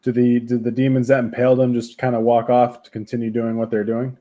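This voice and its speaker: A man taking part in a tabletop game as a player, firing off curious questions. His voice is dark and mellow. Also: mid-range voice, monotone. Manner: inquisitive, asks quick questions.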